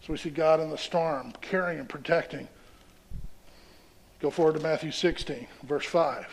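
A man delivers a sermon in a high-pitched voice with a gravelly edge. He moves between reading scripture and unpacking it in a relaxed, conversational way, often checking in with his listeners. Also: normal speed. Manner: reads scripture aloud and explains it conversationally, often asking "right?". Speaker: pastor.

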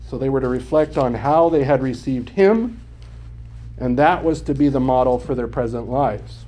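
A man's voice: medium pitch, moderate pace, dark tone. A man teaching a Bible class, explaining Greek words patiently and often checking whether his students follow. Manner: explanatory, checks understanding with questions.

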